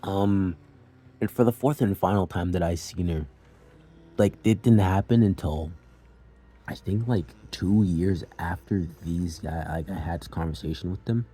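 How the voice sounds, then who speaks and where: This young man speaks low and a little slow, his tone warm and slightly rough. His personal story comes out loose and laid-back, full of swearing and fillers such as "like" and "you know."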